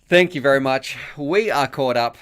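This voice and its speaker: A man's voice: mid-range voice, normal speed, fairly bright tone, clean tone. A man hosting a live stream, rambling and thankful, laughing often as he reads donations and messages aloud. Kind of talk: casual live-stream chat reading donations.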